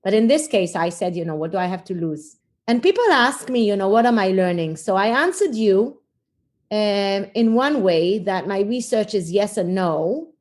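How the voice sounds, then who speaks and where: A woman's voice: mid-range voice, expressive, moderate pace, darkish tone. A middle-aged woman, a leadership coach, telling her career story as a podcast guest in an earnest, reflective way with frequent fillers. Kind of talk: conversational interview storytelling.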